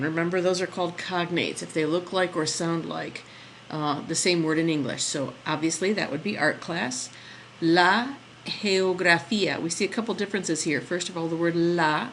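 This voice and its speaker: A woman's voice: lowish voice, slight background noise, low-quality recording. A woman teaching a classroom lesson over slides, patient and explaining step by step, asking the class questions as she goes. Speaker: Spanish teacher.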